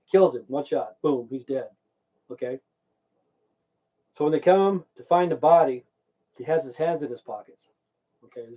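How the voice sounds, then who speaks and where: Over a low-quality recording, a man with a warm, mid-range voice rants casually during his livestream. The talk rambles, he swears a lot and keeps saying "okay," and he chats back with viewers in the stream chat.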